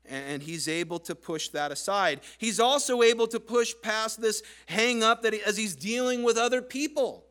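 A man giving a sermon as a pastor, earnest and conversational, with dramatic pauses. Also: high voice, a bit bright.

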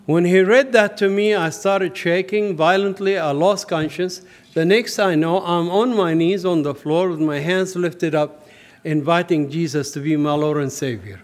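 A man giving a personal testimony, telling his story vividly and acting out the dialogue with growing intensity. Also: high voice.

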